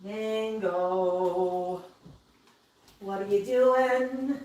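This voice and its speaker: A woman hosting a casual livestream, talking softly and coaxingly to her pet parrots between reading viewer comments. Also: mid-range voice, fairly even intonation, very slow. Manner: soothing baby-talk to her parrots. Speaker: parrot keeper and livestream host. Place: indoor room with parrots. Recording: echoey room, heard from a distance. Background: faint noise and birds.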